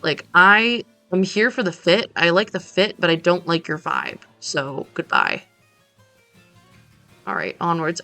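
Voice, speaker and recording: A woman's voice: lowish voice, animated, normal speed, pushed and bright. Rambling, jokey woman streamer. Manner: rambling, jokey, talks to chat. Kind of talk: casual gameplay chat. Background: faint game music.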